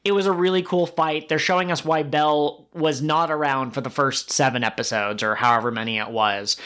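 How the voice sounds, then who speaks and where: A man's voice: fairly high pitch, a little fast, clear, resonant tone. A man co-hosting a podcast, recapping anime episodes in casual chat and acting out the characters' lines as he goes. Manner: animated retelling with quoted character lines. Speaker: podcast co-host.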